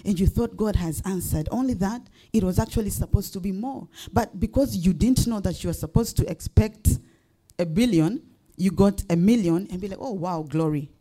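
A woman's voice: mid-range voice, moderate pace, dark tone. A woman pastor preaching a sermon, building up to emphatic rising questions.

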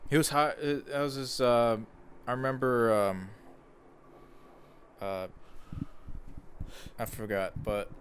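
A man's voice: mid-range voice, slow, long pauses, slight background noise. A man in a casual group chat who rambles, restarts his sentences and swears freely.

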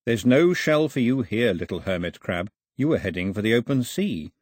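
A mocking shark god of death glides through this storybook, his husky voice sly and needling, as a male narrator puts him on. The delivery is close and dry, with the pitch swinging freely. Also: very animated, moderate pace, darkish tone, no room sound. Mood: taunting. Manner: taunting, sly.

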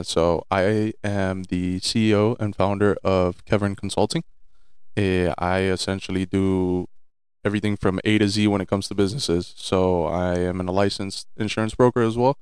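Young man, 20, low voice, clean dry close sound; easygoing guest, stumbles and repeats words. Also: smooth, dry recording. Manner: relaxed, repeats words and restarts often. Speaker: business owner guest. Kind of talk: casual interview.

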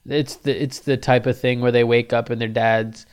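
A man's voice: medium pitch, little pitch movement, moderate pace, clear, resonant tone. A young man hosting a podcast, telling a loose, profane comic story with lots of restarts.

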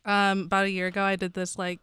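A woman's voice: medium pitch, completely flat delivery, fast, pushed and bright, clean tone, no echo. A woman guest on a casual podcast, telling a rambling, profanity-laced story full of "like". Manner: rambling, swears often, fillers "like".

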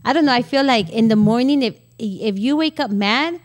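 A woman's voice: a little high, moderate pace, dry recording, clean studio sound. A middle-aged woman co-hosting a casual podcast chat, telling blunt stories with quoted asides. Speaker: podcast co-host.

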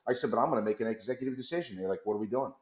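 Man, radio guest, animated storyteller, mid pitch, echoey room. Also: very fast. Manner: animated storyteller acting out both sides of phone calls. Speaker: company founder as guest. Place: radio studio.

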